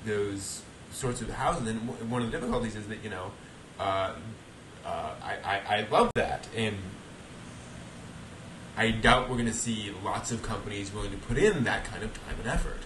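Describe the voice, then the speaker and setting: A man co-hosting a casual podcast chat, talking in halting bursts with frequent restarts. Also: fairly bright tone. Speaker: podcast co-host. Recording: roomy with faint rumble.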